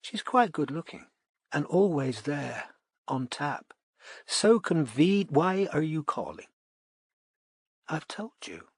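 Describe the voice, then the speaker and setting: A man doing tipsy, breathy Charlotte. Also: on the high side, big pitch swings, slow, pauses often, dry recording, clean studio sound, pitched above the performer's own voice, heavily acted. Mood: tipsy dreamy. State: slightly drunk. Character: tipsy aristocratic young mother, wistful, manipulative.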